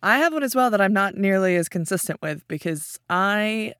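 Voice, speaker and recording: A woman's voice: medium pitch, lively intonation, moderate pace, fairly bright tone, dry recording, studio quality. A woman who writes, chatting as an upbeat, talkative podcast guest. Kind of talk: casual chat.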